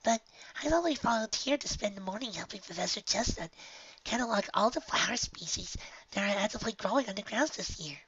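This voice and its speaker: A reader voicing a gentle young unicorn filly in a soft, hushed whisper, as whispered role-play. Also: medium pitch, animated, a little fast, dull audio, slight background noise, voice pushed up, close to an everyday voice.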